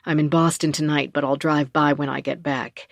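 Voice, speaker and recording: A man's voice: a little high, flat delivery, moderate pace, creaky, no room sound. An anxious, exasperated man leaves urgent voicemails, as an audiobook narrator puts him on. The voice pushes hard and pleads. The sound is close and dry, with no room around it. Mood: worried, pleading. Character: worried, exasperated male partner leaving voicemails.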